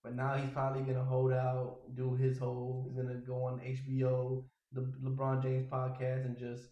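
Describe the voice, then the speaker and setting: A man hosting a casual sports podcast, ranting in an exasperated, animated way. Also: medium pitch, moderate pace, roomy sound, dull audio. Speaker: podcast host.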